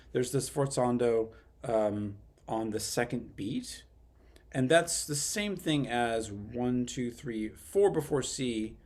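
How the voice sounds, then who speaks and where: A man leading a youth orchestra rehearsal, explaining phrasing and singing rhythms on nonsense syllables, with relaxed, hesitant phrasing full of fillers. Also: mid-range voice. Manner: sings rhythms with syllables to demonstrate. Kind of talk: rehearsal instruction. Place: online rehearsal.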